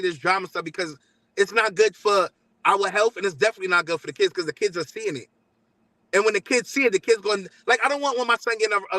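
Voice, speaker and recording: A man tells his story fast, in a high, bright voice. He animates both sides of each conversation he recalls. The sound is dry and close. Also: no echo, rough recording. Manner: animated, acts out both sides of texts and talks. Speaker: guest father telling his story. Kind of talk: casual storytelling.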